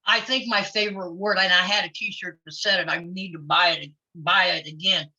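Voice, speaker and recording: A woman, a former wrestler, chatting openly in an interview, outspoken and quick to laugh. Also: on the low side, fairly even intonation, pushed and bright. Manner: outspoken and blunt, laughs easily. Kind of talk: casual interview chat. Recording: lo-fi audio.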